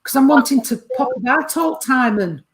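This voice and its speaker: Her high, expressive voice moves briskly as she gives a sitter a chatty mediumship reading. The spiritualist medium calls them sweetheart and darling and keeps asking if it makes sense to them.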